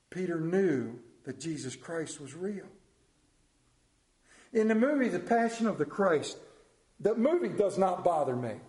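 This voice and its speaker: In a roomy-sounding space, a middle-aged man whose voice sits high delivers a sermon in a rural Southern American accent. He tells stories folksily and with animation, suddenly dropping to quiet.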